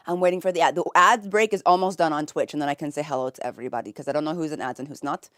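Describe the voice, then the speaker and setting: A woman's voice: fairly low pitch, fast, hardly any pauses, a bit bright, no room sound, studio quality. A woman streamer chatting casually and greeting her chat from her home office, giggly and effusive. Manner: giggly and effusive, with frequent laughs.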